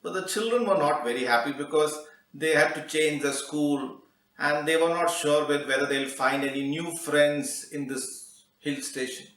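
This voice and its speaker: A man narrating a children's story in a relaxed, conversational way, with fillers and restarts. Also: a little high, normal speed, echoey room, far from the mic, poor audio.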